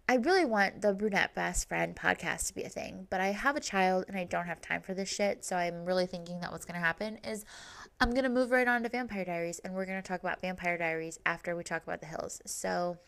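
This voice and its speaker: A woman's voice: on the low side, a little fast, gravelly, fairly bright tone. A woman hosting a podcast, recapping a reality TV season in casual chat, full of "like" and "um". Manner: chatty, fillers like "like" and "um". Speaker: podcast host.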